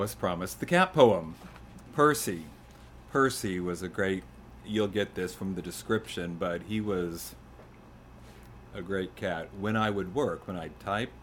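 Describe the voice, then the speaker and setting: Man, middle-aged, poet reading to an audience, low voice, conversational, light hiss. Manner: conversational, self-deprecating, gently humorous. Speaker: poet reading his work. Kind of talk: poetry reading to a live audience.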